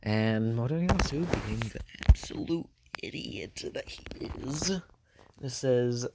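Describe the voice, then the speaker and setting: A man's voice: mid-range voice, animated, slow pace, noisy background. A man casually retelling a fan story, hesitant and full of fillers and self-corrections.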